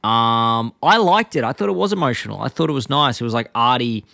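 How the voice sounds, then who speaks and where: A man's voice: mid-range voice, lively intonation, fairly quick, creaky, pushed and bright, dry recording, studio quality. Rambling man. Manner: rambling plot recaps, acting out quotes in bursts. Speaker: podcast co-host. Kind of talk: casual chat recapping an episode.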